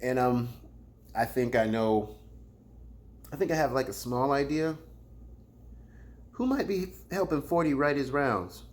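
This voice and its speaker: A man hosting a casual battle rap commentary show, talking in slang and swinging between loud, playful jabs and low, muttered asides. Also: unhurried, pauses often.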